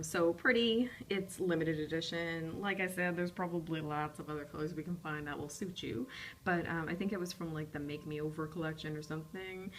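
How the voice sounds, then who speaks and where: A woman's voice: lowish voice, darkish tone, a little hiss or hum. A young woman casually reviewing lipstick swatches, chatty and rambling, with frequent ums and apologies. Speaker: beauty vlogger.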